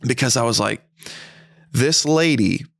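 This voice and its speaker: A man hosts a faith podcast in a casual, reflective chat, talking conversationally and offering quick back-channel replies. His mid-range voice is creaky, and there's no echo.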